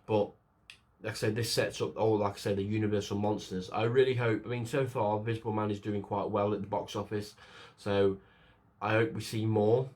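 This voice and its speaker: A man's voice: lowish voice, level tone, a little fast, darkish tone. A man giving a casual spoken film review, rambling with fillers and restarts and acting out characters' lines as he retells the plot. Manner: rambling, lots of fillers and restarts, acts out quotes.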